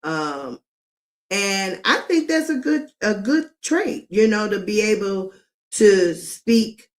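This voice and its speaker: A woman's voice: medium pitch, big pitch swings. A middle-aged woman hosting a live commentary stream, talking emphatically and drawing out words, with frequent laughs. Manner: emphatic, drawn-out, laughs often.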